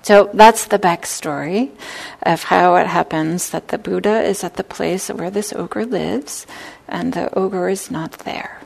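A woman giving a dharma talk, telling a Buddhist story in a measured way and explaining its terms as she goes. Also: fairly low pitch, vocal fry, darkish tone, poor audio. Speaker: Buddhist teacher.

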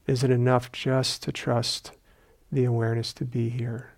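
A man with a gravelly, fry-edged voice gives a dharma talk at a meditation retreat center. He speaks in a reflective, unhurried way with gentle humor and a middle-pitched tone. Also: flat delivery. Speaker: meditation teacher.

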